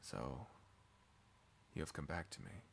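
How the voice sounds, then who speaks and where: A man voicing a cool, sly mysterious stranger who talks low and quietly in a taunting way. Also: very animated, unhurried, gravelly, a little hiss or hum, heavily acted.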